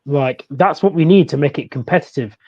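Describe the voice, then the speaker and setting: Guy chatting footy on a podcast, mellow and a bit high, kinda dull lo-fi sound. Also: brisk. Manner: chatty, animated, laughs easily. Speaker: podcast co-host. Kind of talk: casual football chat.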